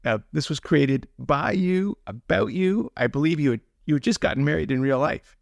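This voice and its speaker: A man hosting a podcast interview, asking questions in a measured, unhurried way. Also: a little high, expressive, creaky, no room sound, studio quality. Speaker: podcast host.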